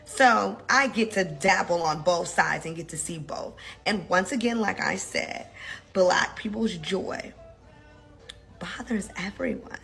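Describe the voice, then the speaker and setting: An American woman co-hosting, giving fast, emphatic opinions in a casual chat. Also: lowish voice, gravelly, fairly bright tone, soft background music, low-quality recording. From United States. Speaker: co-host.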